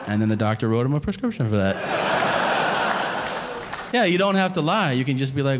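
A man's voice: mid-range voice, lively intonation, a little fast, long pauses, noisy background. A man doing a stand-up comedy set, telling a story in a laid-back way and acting out the dialogue. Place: comedy club stage.

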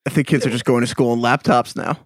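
A man's voice: mid-range voice, steady tone, fast, no room sound, clean studio sound. Man hosting a casual podcast. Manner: reads listener emails, wraps up the show. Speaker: podcast host. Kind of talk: casual chat.

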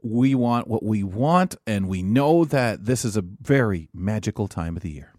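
A man co-hosting a talk show, speaking in an earnest, halting way and often repeating words as he starts a thought. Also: on the low side, lively intonation, a little mellow, no room sound, studio quality. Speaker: co-host. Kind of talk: casual chat.

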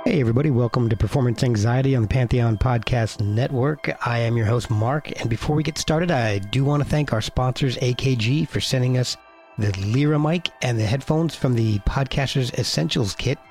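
A man's voice: medium pitch, fairly quick, darkish tone, soft background music. Chatty male podcast host. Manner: chatty, joking. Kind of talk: casual podcast intro and chat.

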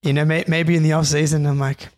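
A young man, a podcast co-host, telling a story in an animated, excitable way with many restarts. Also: a little high, fast talker. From Australia. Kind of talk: casual storytelling.

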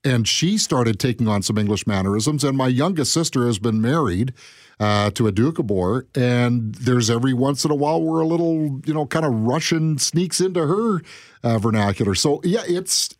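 A man's voice: mid-range voice, lively intonation, moderate pace, no room sound, clean studio sound. A man in his fifties, a sportscaster, chatting casually on radio and rambling through anecdotes with chuckles. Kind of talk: casual studio chat.

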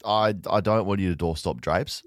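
Brief: young Aussie co-host, very deep voice, dry close mic, quick ribbing banter. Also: male voice, dry recording. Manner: teasing banter, quick interjections. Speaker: podcast co-host. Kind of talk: casual podcast chat.

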